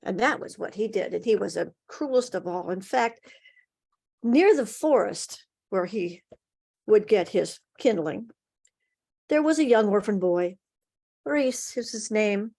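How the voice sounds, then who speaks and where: A woman storyteller spins a giant folktale at an online story swap, speaking expressively with dramatic pauses and rising emphasis. Her voice sits at an ordinary pitch. It comes through a video call from home. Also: expressive, creaky, dark tone. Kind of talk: oral folktale telling.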